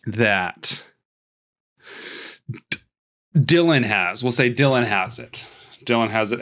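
A man's voice: mid-range voice, a bit bright. A man casually recapping a movie plot on a podcast, rambling with restarts and laughing at his own jokes. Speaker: podcast host.

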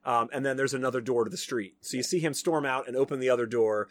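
A man's voice: mid-range voice, quick pace, over a noisy crowd. A young adult man hosting a podcast, casually recapping a film in a rambling way, full of "like" and "you know.". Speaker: podcast host.

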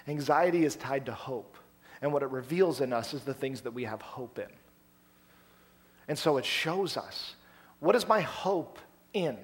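A man preaching a sermon in a storytelling style, with animated delivery and acted-out quotes. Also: medium pitch, normal speed. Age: adult, past college. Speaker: pastor.

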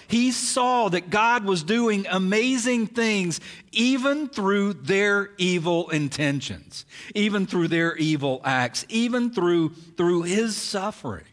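A man's voice: high voice, a bit bright, in a large hall. A male pastor preaching an earnest, emphatic sermon, repeating key phrases for weight.

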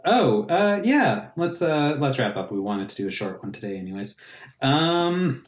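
A man's voice: mid-range voice, very animated, moderate pace. A man co-hosting a casual chat podcast, rambling with many fillers and joking around. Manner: rambling, lots of uh fillers, playful put-on voices. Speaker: podcast co-host. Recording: echoey room.

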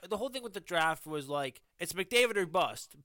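Bright, clear-voiced man chatting sports. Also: high-pitched, a little fast, no echo, studio quality. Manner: animated, quotes people in voices, many fillers. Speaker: podcast co-host. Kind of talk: casual sports chat.

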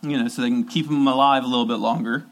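A man's voice: mid-range voice, steady tone, quick pace, poor audio. A man preaching a sermon in an earnest, emphatic way, repeating key phrases for weight.

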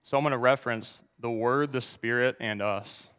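A man's voice: medium pitch, fairly even intonation, normal speed, fairly bright tone, clean tone, big-room sound. A man preaching a sermon, reading scripture aloud and asking the congregation to turn to verses. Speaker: pastor.

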